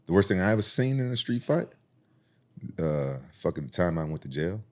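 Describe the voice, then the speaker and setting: A man's voice: sits low, sing-song, moderate pace. A man from Memphis, telling stories casually and profanely on a podcast, acting out the other people's voices. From Memphis, United States. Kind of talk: casual storytelling.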